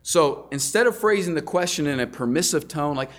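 A man's voice: fairly high pitch, very animated, a little fast, few pauses, faint music behind. Earnest male pastor preaching a sermon. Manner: earnest, repeats words and restarts, rhetorical questions. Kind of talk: sermon teaching.

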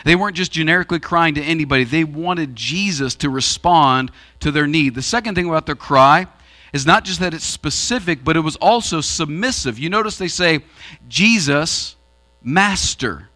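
A pastor preaching a sermon in a church auditorium, swinging between raised and hushed delivery. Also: male voice, a little high, brisk.

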